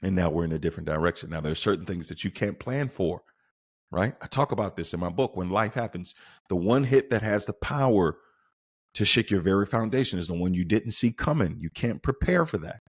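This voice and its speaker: A man with a lowish voice talks through a motivational podcast episode, his pitch swinging widely as he leans on key words. He keeps putting questions straight to the listener. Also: animated, brisk, breathy edge. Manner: emphatic, with rhetorical questions to the listener. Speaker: podcast host.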